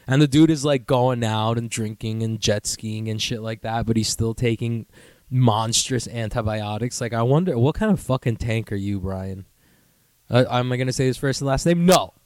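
A young man hosting a casual solo podcast, telling stories with high-pitched impressions and sudden squeaky outbursts. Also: darkish tone, no echo. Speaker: podcast host.

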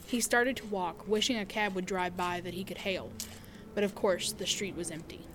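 A woman reads a short story aloud in an even, careful voice of middle pitch. Steady background noise runs clearly under the recording. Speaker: narrator.

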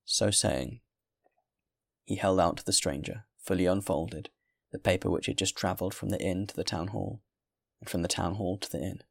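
A man reading a classic novel aloud in a steady, measured narration. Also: sits low, vocal fry. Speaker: audiobook reader.

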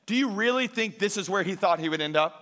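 Man, high voice, pastor, sermon, emphatic swings from loud to quiet. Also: lively intonation, fast. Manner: emphatic, rises to near-shouting peaks and drops to quiet asides; jokes with the congregation.

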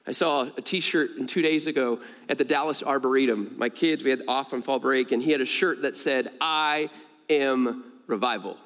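A man preaching a sermon to his congregation, animated, jumping higher in pitch to stress a point and laughing between stories. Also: fairly quick, few pauses. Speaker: pastor. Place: church sanctuary. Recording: long reverb of a large church hall.

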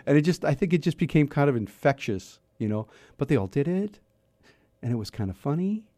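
Middle-aged male talk radio host, warm low-key tone, rambling and self-deprecating. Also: very animated, fairly quick, no echo, studio quality. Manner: chatty, self-mocking, rambling with restarts. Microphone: studio mic.

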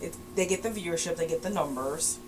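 A woman with a lowish voice trades blunt, teasing quips about wrestling. She speaks in a casual, offhand way, with a steady hum running behind her. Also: quick pace. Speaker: podcast co-host.

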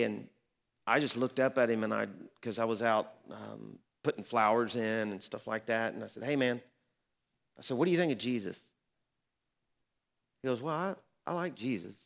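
A man's voice: mid-range voice, vocal fry, fairly bright tone. A middle-aged man, a pastor, telling a story in a sermon, earnest and building to emphatic peaks.

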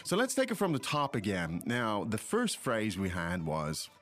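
A man's voice: lowish voice, huge pitch swings, normal speed, a bit bright, faint music behind. A man who is a native English speaker, hosting a language podcast and explaining phrases in a casual, chatty way. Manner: chatty, explanatory, prompts co-host. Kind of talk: casual teaching chat.

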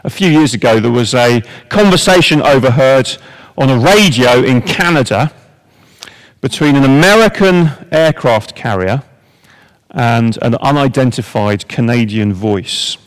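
A man's voice: mid-range voice, unhurried, in a large hall, poor audio. A man giving a sermon to a congregation in a conversational, wry way, full of rhetorical questions. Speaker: preacher.

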